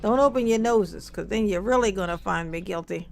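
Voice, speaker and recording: A woman's voice: mid-range voice, fairly quick, vocal fry, hardly any pauses, slight background noise. A woman giving sarcastic, laughing commentary over a courtroom video.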